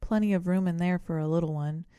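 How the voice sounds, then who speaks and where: Homely ghost mother, warm country voice, fond and fussing; woman narrator plays her. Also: on the low side, steady tone, fast talker, smooth, no room sound, natural voice. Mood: doubtful.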